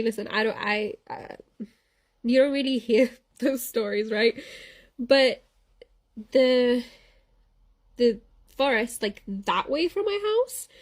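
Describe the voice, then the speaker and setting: A young woman casually telling a spooky childhood story, rambling and animated, often stopping to ask "okay?". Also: fairly high pitch. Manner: animated, rambling, frequent "like" and "okay?", laughing at herself. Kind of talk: casual spoken ghost story.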